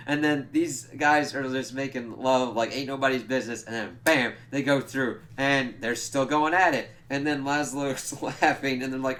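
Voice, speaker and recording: Profane, animated man recapping a show. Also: mid-range voice, moderate pace, few pauses. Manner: animated, profane retelling with quoted lines; stumbles over words and laughs at himself. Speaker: TV reviewer. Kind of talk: casual episode recap.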